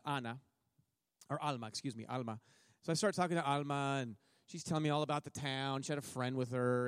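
A man's voice: mid-range voice, no echo, clean studio sound. A middle-aged man speaking to a church as a missionary, telling a story with jokes and acting out what people said. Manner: joking storyteller, acts out his own and others' words. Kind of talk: sermon testimony.

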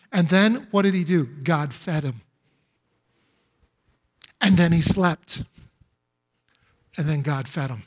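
A man's voice: fairly high pitch, breathy edge. A male pastor preaching a sermon in an emphatic, repetitive way, full of rhetorical questions. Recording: echoey hall with long reverb.

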